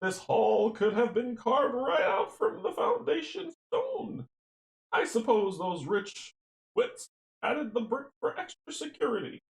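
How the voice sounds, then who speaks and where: A shrewd old woman leans in with a high, drawn-out voice full of conspiratorial slyness, as a man puts her on. Her words creep along slowly. The sound rings with the echo of a room. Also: big pitch swings, creaky, full character voice. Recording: roomy echo.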